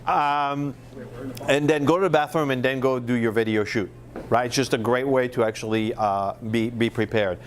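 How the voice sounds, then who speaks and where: A middle-aged Frenchman with a French accent teaches a marketing workshop, keeping it casual and chatty with plenty of fillers and restarts. His voice is medium-pitched and moderately paced.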